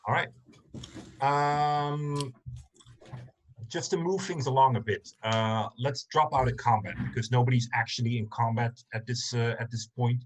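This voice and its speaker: A man running a tabletop game over a video call, mid-pitched and measured. He fills his pauses with ums as he works out distances and moves the scene along. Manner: hesitant, many ums, measured. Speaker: game master.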